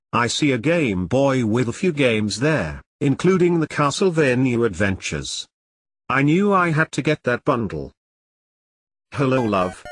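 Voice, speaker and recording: A man hosts a scripted comedy sketch as a boastful, foul-mouthed game collector, ranting in an animated voice that swings up and down. Soft music sits faintly behind him. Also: medium pitch, slightly rough, dry recording. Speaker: comedic host playing an angry game collector.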